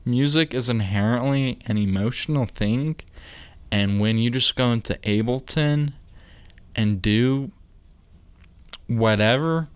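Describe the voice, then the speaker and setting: The young man hosting this casual podcast speaks slowly in a clean, mid-range voice, leaving long pauses, with no echo. His jokey rambling is full of self-interruptions and lost threads.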